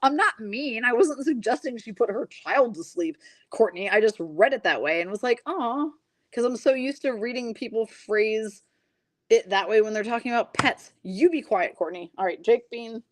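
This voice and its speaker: A woman's voice: fairly high pitch, lively intonation, normal speed. A woman hosting a live card break stream, calling out cards and reading the chat in a chatty, self-mocking way, often breaking into giggles. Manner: giggly, keeps breaking into laughter.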